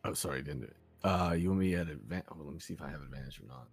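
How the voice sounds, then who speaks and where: Deep, gravelly male player. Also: rapid-fire. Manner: easygoing, thinking aloud. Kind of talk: casual tabletop play.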